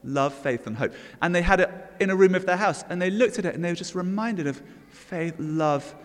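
A man's voice: high-pitched, a little fast. A man preaching an all-age sermon in a church, leading the congregation in call and response. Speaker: pastor. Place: church hall. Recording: long church reverb.

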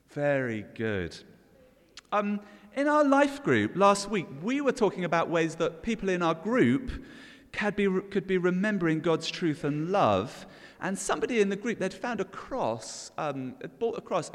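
A man preaching an all-age sermon in a church, leading the congregation in call and response. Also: on the high side. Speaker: pastor. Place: church hall. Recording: long church reverb.

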